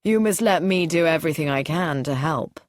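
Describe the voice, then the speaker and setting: A woman voicing a charming, teasing young gentleman with dry wit, in an easy, amused, unhurried manner. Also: sits low, no room sound, natural voice.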